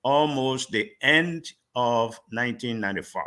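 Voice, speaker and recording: A man's voice: mid-range voice, animated, measured pace, sharp tone. A middle-aged pastor from Liberia, a guest telling his life story in an interview and animatedly acting out the dialogue he recalls.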